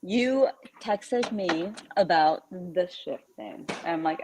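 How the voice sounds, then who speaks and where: A woman's voice: fairly low pitch, animated, slow, background noise. A woman guest, sick with a cough, venting her frustration on a call and swearing. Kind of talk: casual chat on a call.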